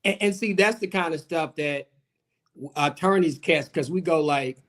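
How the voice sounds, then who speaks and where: A man who works as an attorney, hosting a live panel talk, animated and repeating himself as he calls on guests. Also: a little high, normal speed. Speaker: host, attorney.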